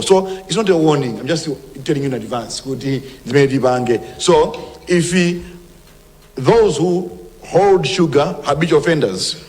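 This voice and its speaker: A man's voice: mid-range voice, long reverb tail. A man with a Malawian accent, a government minister giving an emphatic public speech with firm warnings. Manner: emphatic, forceful warnings, switching between English and Chichewa.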